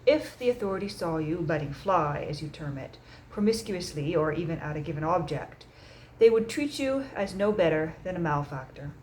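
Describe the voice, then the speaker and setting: In an audiobook reading, a woman with a deep voice plays a calm, measured man who leads a secret society, speaking gently and matter-of-factly. The recording is rough, with a little hiss or hum.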